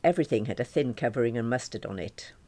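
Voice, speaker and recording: A woman reads a first-person diary-style novel with a chatty, wry, self-deprecating touch. Her pitch moves in lively rises and falls as she tells the story. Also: fast. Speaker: audiobook narrator.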